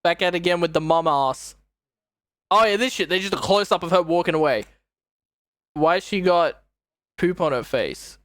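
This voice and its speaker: A woman's voice: lowish voice, moderate pace, long pauses, no room sound, studio quality. A young woman streaming, giving casual, profane and exasperated reaction commentary on a show. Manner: exasperated, profane, animated retelling.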